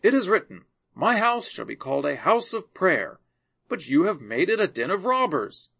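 A calm, authoritative teacher, read by a man. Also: high-pitched, normal speed, creaky, breathy edge, voice pushed up, full character voice. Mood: earnest. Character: a compassionate, authoritative male teacher.

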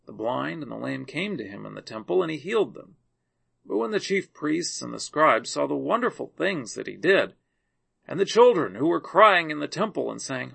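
A man giving a measured, dramatic scripted narration of scripture. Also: on the high side, sing-song, vocal fry, a bit bright, slightly rough. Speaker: scripture reader.

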